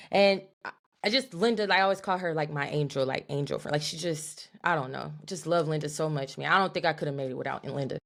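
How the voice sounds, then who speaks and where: Animated, low-voiced young woman telling a story. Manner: animated, profane, talks to her co-host as "girl". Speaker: podcast co-host. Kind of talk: casual storytelling chat.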